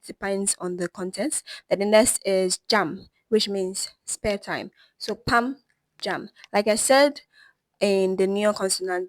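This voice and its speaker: A woman teaching a pronunciation lesson, pausing to say each example word slowly and carefully. Her voice sits at an ordinary middle pitch. It is recorded close and dry, with no room sound around it. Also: no echo, poor audio. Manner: slows down to sound out example words. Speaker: language teacher. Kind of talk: explanatory lesson.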